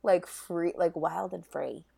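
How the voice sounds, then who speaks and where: A woman's voice: lowish voice, steady tone, slow pace, gravelly, dark tone, husky. A young woman co-hosting a casual recap chat, sarcastic and swearing freely as she acts out what others said. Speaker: podcast co-host.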